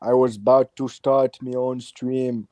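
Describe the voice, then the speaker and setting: A man chatting casually on a stream with a mellow, warm voice. He slips into a playful put-on Jamaican accent now and then. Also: medium pitch, level tone, a little slow, no room sound. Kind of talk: casual group chat on a stream.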